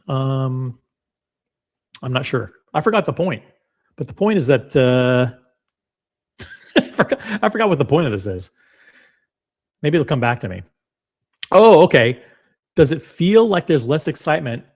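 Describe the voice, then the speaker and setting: Male reaction host, mid-range voice, rambling, punchy, swears freely. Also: mid-range voice. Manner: animated, rambling, blunt and profane. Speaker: watch channel host reacting to clips. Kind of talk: casual reaction commentary.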